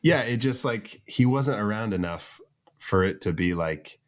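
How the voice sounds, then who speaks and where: A man's voice: on the low side, lively intonation, measured pace. A man co-hosting a podcast in a laid-back casual chat, laughing often and talking around with fillers. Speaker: podcast co-host.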